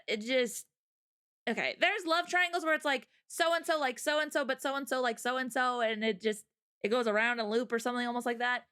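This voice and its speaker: A woman with a high, sharply bright voice that swings widely up and down. She co-hosts a casual livestream and talks in an animated, emphatic way, pressing hard on her points. She sounds like she is speaking into a streaming mic. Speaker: streamer co-host.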